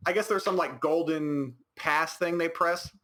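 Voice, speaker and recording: American guy rambling on a podcast, bright tone, lots of um and like. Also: a little high. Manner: rambling, halting, lots of fillers and restarts. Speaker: podcast co-host. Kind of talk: casual chat.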